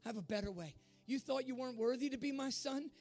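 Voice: high voice, fast, darkish tone, soft background music. A preacher acting out a forgiving father, exclaiming with emphatic joy in a sermon. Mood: tender. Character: forgiving father, joyful and generous.

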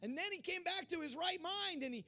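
A man preaching a sermon in a fervent way, at times rising to shouts. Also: very high voice, lively intonation, fairly quick, soft background music. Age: adult.

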